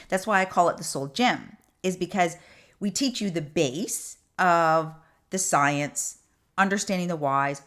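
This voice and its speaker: Middle-aged woman, intuition coach, casual talk, animated storytelling, repeats words for emphasis. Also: mid-range voice.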